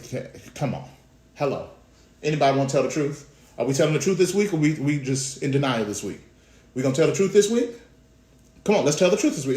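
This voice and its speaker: A man preaching a sermon as a pastor, swinging between loud bursts and hushed asides. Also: sits high, roomy sound.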